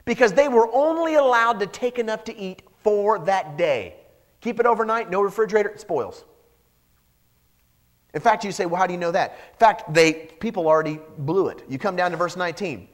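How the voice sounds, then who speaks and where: A male pastor preaching a lively sermon, joking and acting out the people in the Bible story. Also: sits high, a little fast. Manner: animated, joking, acts out Bible characters.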